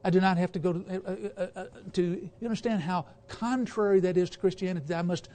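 A man with a high voice preaching a sermon to a congregation. He speaks with emphasis, throws questions out to the listeners and trips over his words at times. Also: quick pace, dark tone. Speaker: guest preacher.

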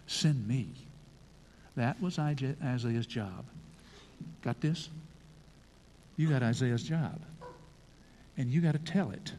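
A man preaching an emphatic, animated sermon and acting out scripture scenes. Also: mid-range voice, slow, long pauses, slight background noise. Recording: long hall reverb.

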